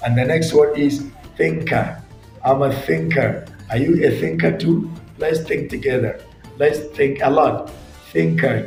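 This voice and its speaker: Guy teaching english sounds, spells stuff out, cheers his listeners on, roomy echo with soft music behind. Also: mid-range voice. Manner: spells words out letter by letter, repeats corrections; addresses listeners directly, encouraging. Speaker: pronunciation teacher. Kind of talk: pronunciation lesson.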